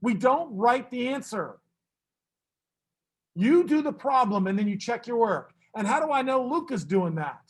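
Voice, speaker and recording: A man teaching a math class, brisk and teasing, fussing at students and then reassuring them. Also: very high voice, big pitch swings, husky.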